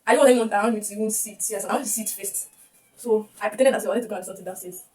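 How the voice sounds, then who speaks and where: A woman's voice: mid-range voice, very fast, a little mellow. A young woman with a Nigerian accent telling a personal story to camera, emotional and often repeating her words. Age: young adult. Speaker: vlogger. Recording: distant mic with faint background noise.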